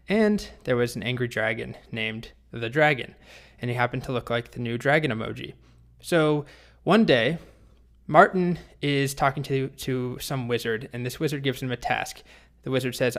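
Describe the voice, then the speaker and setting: A male programming instructor telling a story in a recorded course lesson. He talks in a loose, conversational way with small restarts. His pitch sits in a plain middle range. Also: normal speed, a bit bright.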